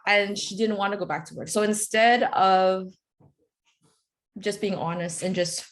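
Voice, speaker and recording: On a motivational webinar video call, a woman tells stories casually and chattily, using many fillers. Her medium-pitched voice is steady in tone and a little slow.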